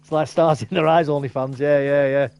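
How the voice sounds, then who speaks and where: A man's voice: fairly high pitch, fairly even intonation, brisk, creaky, a little mellow, smooth, highs cut off. A man in casual voice chat while gaming, joking around and laughing often. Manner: jokey, laughs often, says mate a lot. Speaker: gamer in voice chat.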